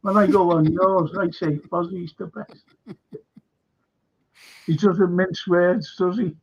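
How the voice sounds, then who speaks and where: An older man hosting a casual chat, talking haltingly with many fillers and restarts. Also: high-pitched, steady tone, slight background noise. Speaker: host. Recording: dull lo-fi sound.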